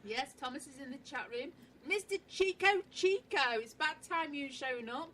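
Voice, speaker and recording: A woman's voice: high-pitched, lively intonation, moderate pace, a bit bright, low-quality recording. An English woman co-hosting an internet radio show, casually bantering and teasing with a cheeky laugh. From England. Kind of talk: casual banter reading chat messages.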